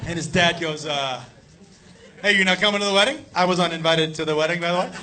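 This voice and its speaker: A man telling a crude, animated stand-up story on a club stage, shouting his punchlines. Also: on the high side, fast talker. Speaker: stand-up comedian. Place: comedy club stage with laughing audience. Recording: live club recording with crowd noise.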